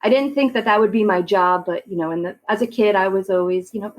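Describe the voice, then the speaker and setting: A woman's voice: mid-range voice, fast talker, few pauses, rough recording. Chatty woman from Long Island. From Long Island, New York. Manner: chatty, laughs often. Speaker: real estate agent, podcast guest. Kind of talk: casual interview chat.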